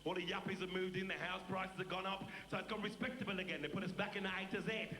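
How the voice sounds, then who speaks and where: A man's voice: high-pitched, little pitch movement, fast talker, sharp tone, voice pushed up. A man playing a brash, boastful young Brixton man with a South London accent in a stand-up character act. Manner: boastful, swaggering patter. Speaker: comedian in character. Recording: roomy noisy live tape.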